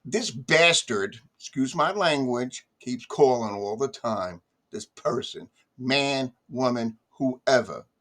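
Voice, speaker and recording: A man from the United States with a medium-pitched, animated voice speaks slowly and with few pauses. Looking straight into the camera for a casual ranting vlog, he sounds exasperated as he grumbles and repeats his complaints.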